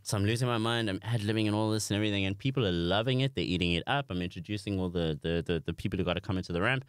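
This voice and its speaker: A man's voice: lowish voice, very fast, clean tone, no echo, studio quality. A young South African man with a South African accent, telling self-mocking stories as a comedy podcast guest. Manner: animated, self-mocking storyteller. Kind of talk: podcast storytelling.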